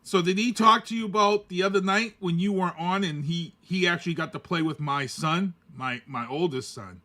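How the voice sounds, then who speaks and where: A man's voice: sits high, moderate pace, pushed and bright. A man co-hosting a podcast, chatting casually and animatedly acting out quotes while telling a story. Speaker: podcast co-host. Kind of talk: casual chat.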